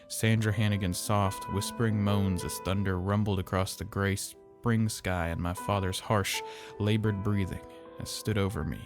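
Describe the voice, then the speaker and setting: A man telling a horror story in slow, measured, somber narration. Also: lowish voice.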